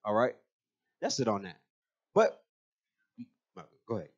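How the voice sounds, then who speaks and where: A man's voice: lowish voice, very animated, a little slow, slightly rough, lo-fi sound. A man teaching scripture on a religious radio talk show, emphatic and preachy, directing a reader to read on. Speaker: teacher leading scripture study.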